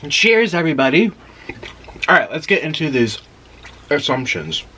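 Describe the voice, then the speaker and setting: A man with a somewhat high voice hosts a late-night eating show from home. He chats casually to the camera, chewing and eating between his words. The recording carries clear background noise. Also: sing-song, normal speed, bright, forceful tone. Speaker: mukbang host.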